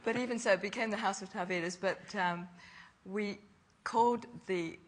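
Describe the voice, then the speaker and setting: A woman's voice: medium pitch, normal speed, crowd noise. An older woman, a fashion designer, telling stories from her youth in a casual interview, laughing often. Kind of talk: casual chat.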